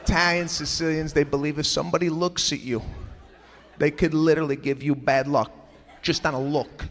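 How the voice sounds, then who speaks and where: High-pitched, exasperated stand-up comedian. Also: male voice, brisk, slight background noise. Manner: animated, exasperated storytelling with shouted punchlines. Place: large live comedy venue. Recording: live stage with hall echo and crowd.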